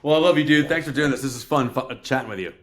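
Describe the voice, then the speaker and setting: A man's voice: medium pitch, rapid-fire, fairly bright tone. A man hosting a casual podcast chat, enthusiastic and full of slang. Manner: enthusiastic, says dude a lot. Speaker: podcast host.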